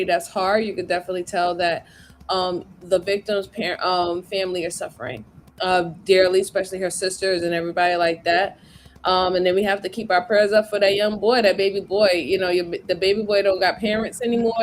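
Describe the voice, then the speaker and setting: A woman's voice: medium pitch, slight background noise. A woman hosting a casual livestream, chatting about a case and thanking viewers. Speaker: livestream host.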